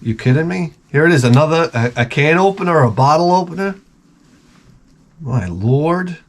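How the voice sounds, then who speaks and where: A man vlogging as he opens fan packages, talking in a rambling, excitable way and swearing freely. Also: on the high side, normal speed. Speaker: vlogger opening fan mail. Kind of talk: casual unboxing chat. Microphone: camera mic.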